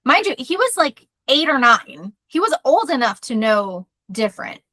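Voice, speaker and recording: A woman therapist co-hosting a podcast, talking in a loud, energetic way as she tells personal stories in casual chat. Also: sits high, moderate pace, dry recording.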